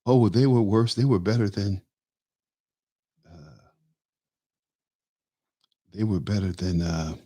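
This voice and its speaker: A man's voice: lowish voice, slow, long pauses, dark tone, dry recording. A man hosting a talk show, delivering an emphatic, opinionated political monologue that rambles with fillers. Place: Tampa area.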